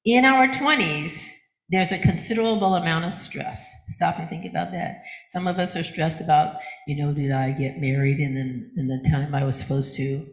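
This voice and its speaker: A woman's voice: low-pitched, normal speed. Older woman minister preaching in a roomy church. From United States. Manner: chatty and animated, acting out quotes with laughter. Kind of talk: conversational sermon. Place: church sanctuary.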